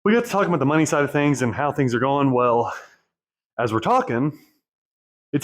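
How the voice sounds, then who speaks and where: A man speaks at an ordinary middle pitch, working through his thoughts aloud. His talk rambles and circles back on itself, blunt and profane, as he coaches divorced men from his own experience. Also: brisk, long pauses. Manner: rambling, profane, self-reflective. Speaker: divorce coach and channel host. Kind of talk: candid personal monologue.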